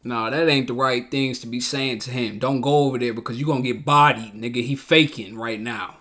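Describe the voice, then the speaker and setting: A man's voice: medium pitch, fairly even intonation, brisk, sharp tone, faint music behind. A man hosting a show reaction, talking bluntly in profane slang and repeating himself in heated outbursts. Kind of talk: casual reaction commentary.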